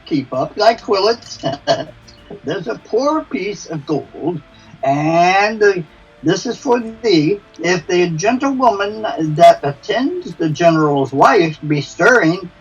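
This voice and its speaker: A man reading a husky, pleading officer. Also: high-pitched, full character voice. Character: polite, pleading male officer. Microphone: video call. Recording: dull lo-fi video call audio.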